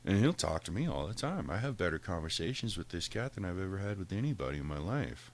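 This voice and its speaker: A podcast host telling a casual, profane story, animated and laughing often. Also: male voice, low-pitched, fast talker.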